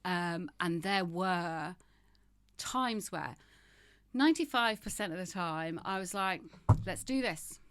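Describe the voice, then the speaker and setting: A woman's voice: fairly low pitch, animated, slow pace, a bit bright, dry recording, studio quality. Frank, emphatic woman in her fifties. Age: 50s. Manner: frank and emphatic, with wry humor. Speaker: guest. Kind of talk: candid interview conversation.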